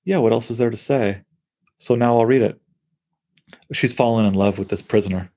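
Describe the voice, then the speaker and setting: A man's voice: medium pitch, moderate pace, mellow. A man, a poet, talking through poems in an enthusiastic, thinking-aloud conversational way. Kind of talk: conversational close reading of poetry.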